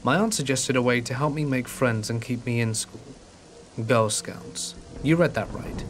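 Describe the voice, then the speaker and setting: A man reading horror stories aloud in a slow, hushed narration. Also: mid-range voice. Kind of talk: scripted narration. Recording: rain noise behind voice. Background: steady rain.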